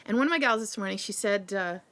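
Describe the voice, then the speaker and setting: A Canadian health and nutrition coach speaks directly to her viewers on camera in a casual monologue, fast and passionate, rambling and full of rhetorical questions. Her mid-range voice is a bit bright, with a little hiss or hum in the audio.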